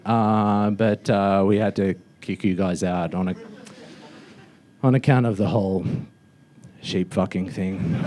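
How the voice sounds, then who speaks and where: A man's voice: lowish voice, a little mellow. A young man doing a mocking stand-up roast in a comedy club, with a loose, offhand delivery full of fillers. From Australia.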